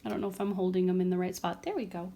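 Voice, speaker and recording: A woman vlogger giving a casual, chatty craft tutorial at home, relaxed, with frequent ums and a tired, yawning edge. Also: on the low side, very fast. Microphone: camera on a tripod.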